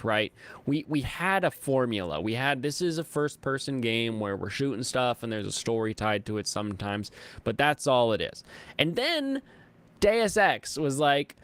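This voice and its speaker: A man hosting a casual livestream, chatting and reading viewer comments in a rambling, animated way, laughing often and jumping up high when excited. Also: measured pace, dry recording. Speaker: streamer host reading chat.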